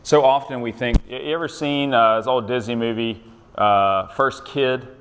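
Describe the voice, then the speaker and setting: A man's voice: medium pitch, steady tone, moderate pace, a bit bright, big-room sound, a little hiss or hum. A man leading an interactive Bible lesson in a conversational way, often quizzing his listeners with questions. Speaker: Bible study leader.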